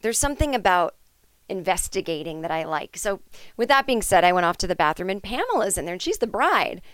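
A woman's voice: medium pitch, sing-song, fairly quick, fairly bright tone, dry recording. A woman hosting a podcast, telling an improvised comic story in a rambling, chatty way with lots of fillers and asides. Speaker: podcast host.

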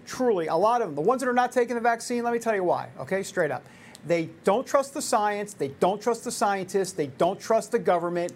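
A man hosting a political talk show, animated and jokey, with quick asides. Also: sits high.

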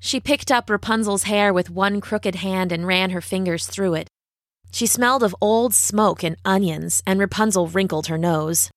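A woman narrating a fairy tale in an expressive, measured storytelling manner. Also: mid-range voice, no room sound, clean studio sound. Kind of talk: storybook reading.

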